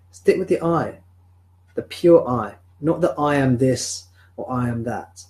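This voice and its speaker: A man leading a live spiritual talk, guiding a listener with gentle, repeated questions. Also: on the high side, animated, a little slow. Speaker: spiritual teacher. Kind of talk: live satsang guidance. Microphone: video call or webcam.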